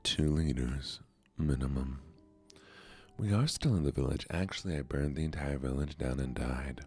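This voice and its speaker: A man who is feeling sick, soft-spoken and gentle while hosting a gaming stream. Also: very deep voice, normal speed, slightly rough, faint music behind.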